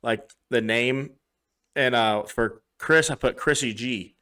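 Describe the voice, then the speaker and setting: A man's voice: medium pitch, slow, sharp tone. A young man co-hosting a podcast, telling rambling bar stories in casual chat, swearing a lot and acting out what people said. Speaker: podcast co-host.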